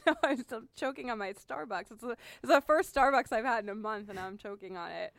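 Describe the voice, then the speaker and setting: A woman hosting a podcast in a studio, chatty and quick to laugh, often restarting her sentences. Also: on the high side, vocal fry, a bit bright, dry recording. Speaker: podcast host. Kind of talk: casual podcast chat.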